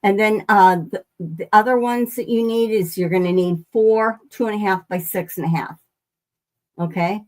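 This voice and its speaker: A quilting livestream host speaks in a mid-range voice at normal speed, casually demonstrating her craft from her sewing room. She greets viewers by name, rambling and restarting sentences as she goes.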